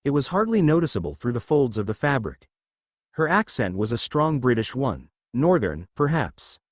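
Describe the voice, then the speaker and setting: Animated male fan-fiction narrator. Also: mid-range voice, normal speed, dry recording, clean studio sound.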